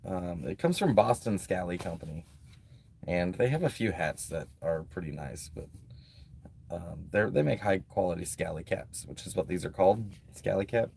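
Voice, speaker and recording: Outdoors on a beach, a livestreaming vlogger reads donations and chats casually, drifting along with plenty of "um" and "like." His deep voice has vocal fry, a darkish tone, and lively intonation at a moderate pace, over a slight hiss or hum.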